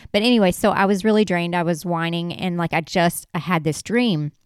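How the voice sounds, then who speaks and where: Earnest low-voiced woman sharing faith. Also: fairly quick, clear, resonant tone, no echo, clean studio sound. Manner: earnest, rambling, self-correcting. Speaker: Christian speaker. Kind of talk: casual faith testimony.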